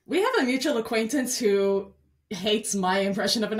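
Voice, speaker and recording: A woman's voice: medium pitch, normal speed, crowd noise. A young woman hosting a podcast in a casual, bubbly way, laughing often. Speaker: podcast host.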